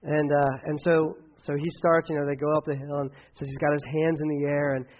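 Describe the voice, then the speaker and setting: A man's voice: fairly high pitch, level tone, a little fast, lo-fi sound, slight background noise. A man preaching a sermon and leading a closing prayer, telling stories casually with many fillers and restarts. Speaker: pastor.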